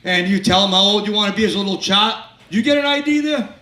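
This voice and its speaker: A high-pitched man in his fifties tells crude, wandering stories on a comedy club stage and jokes with the audience. His voice comes from a distance and rings around an echoey room. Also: expressive, quick pace, sharp tone. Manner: crude, rambling storytelling with crowd work. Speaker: stand-up comedian. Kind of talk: stand-up set.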